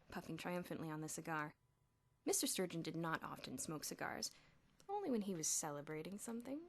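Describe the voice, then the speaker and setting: A woman reading a children's novel aloud as an audiobook, with an expressive delivery. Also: fairly low pitch, gravelly, a little hiss or hum. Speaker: audiobook reader. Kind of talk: audiobook narration.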